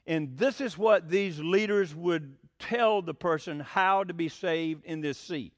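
High-voiced preacher man. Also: a little slow, no echo, clean studio sound. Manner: folksy, blunt, sarcastic asides. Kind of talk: sermon.

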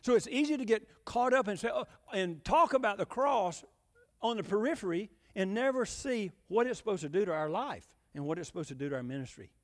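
A man's voice: high voice, lively intonation, brisk, long reverb tail. A man preaching a sermon in a folksy, emphatic way, full of rhetorical questions.

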